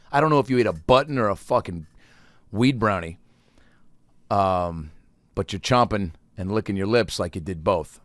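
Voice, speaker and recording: Male comedian, 30s, podcast host doing a solo rambling monologue, low-ish voice, dead dry sound. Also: no room sound. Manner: rambling, profane storytelling with acted-out quotes.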